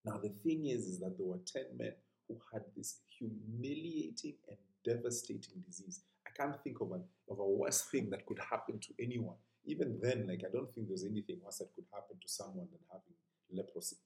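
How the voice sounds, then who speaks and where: Preacher, male, earnest and conversational, low mellow voice, echoey room. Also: fairly quick. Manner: earnest, conversational, dropping to a hushed whisper at times. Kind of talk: sermon.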